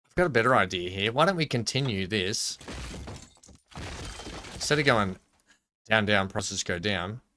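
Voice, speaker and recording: A man's voice: fairly low pitch, lively intonation, unhurried, long pauses, bright, forceful tone. A man live-streaming a game, thinking aloud in a rambling, casual way and chatting with his viewers. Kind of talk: casual live-stream chat while gaming.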